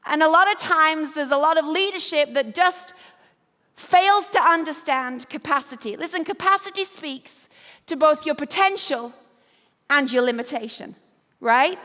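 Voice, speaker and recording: A woman's voice: high voice, measured pace, pushed and bright. A woman in her fifties from Yorkshire with an English accent, giving a motivational keynote on an event stage, telling stories with self-deprecating humor. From Yorkshire, England. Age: 50s. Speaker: conference speaker. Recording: echoey hall.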